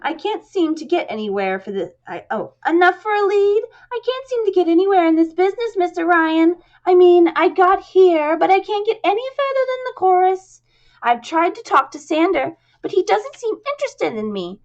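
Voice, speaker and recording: A woman voicing a naive young chorus girl with a squeaky, grating voice and eager, breathless pleading. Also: lively intonation, moderate pace, highs cut off.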